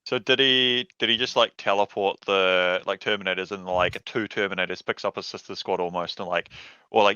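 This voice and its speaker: A man's voice: on the low side, fairly even intonation, normal speed, pushed and bright, smooth, dry recording, dull audio. A man, a podcast co-host who chimes in with joking, teasing remarks. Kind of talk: casual podcast chat.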